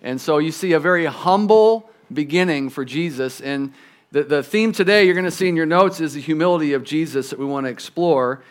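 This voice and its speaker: A pastor telling a story and preaching to children, animated, swinging from loud lifts to quiet drops. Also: male voice, on the high side, a little fast.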